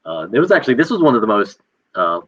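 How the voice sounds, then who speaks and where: A man who is a military veteran, telling a story in casual chat and acting out the shouted lines he quotes. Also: lowish voice, quick pace, no echo. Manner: animated, acts out quoted shouts. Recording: dull lo-fi audio.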